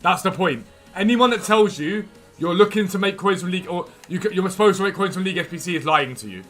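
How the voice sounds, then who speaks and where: Give me a male streamer with a high, bright voice, rattling off quick answers to his live chat. He talks fast and keeps it chatty, with faint music under him. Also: expressive.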